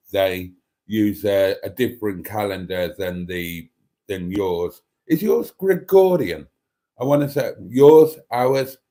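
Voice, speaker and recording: A man's voice: mid-range voice, dark tone. An older Welsh man hosting a casual live stream, theatrical and chatty, calling his viewers darlings. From Wales. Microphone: microphone and tablet.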